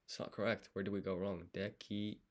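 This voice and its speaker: A man thinking aloud through a language study session, sounding out foreign words slowly syllable by syllable and muttering self-corrections. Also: low voice, flat delivery. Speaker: language learner streaming his study.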